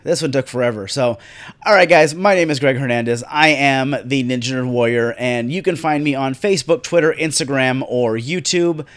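A man's voice: medium pitch, moderate pace, fairly bright tone. A man hosting a solo wrestling recap podcast, talking casually with sarcastic, profane rants. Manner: sarcastic, profane, ranting asides. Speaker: podcast host.

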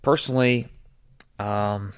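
A man's voice: on the low side, fairly even intonation, slow pace. A man hosting a podcast, introducing and commenting on a clip in a casual, hesitant way. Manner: hesitant, many fillers and restarts. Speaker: podcast host.

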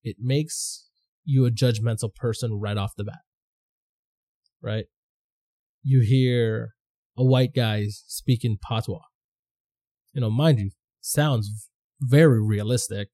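A man's voice: medium pitch, steady tone, slow, pauses often, dark tone, husky. A man hosting a podcast, talking through his opinions in a loose, rambling, profane way. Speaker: podcast host. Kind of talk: casual opinion monologue.

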